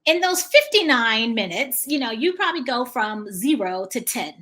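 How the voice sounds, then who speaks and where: A woman hosting a podcast interview, telling stories in a lively way and acting out the dialogue. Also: on the high side, moderate pace. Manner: animated storytelling, acting out dialogue. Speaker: podcast host. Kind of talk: casual conversational interview.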